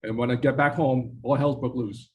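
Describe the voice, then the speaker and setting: A man's voice: medium pitch, steady tone, normal speed, a little mellow, breathy edge, rough recording. A man, a restaurant owner, giving a casual presentation, chatty and hesitant with many fillers.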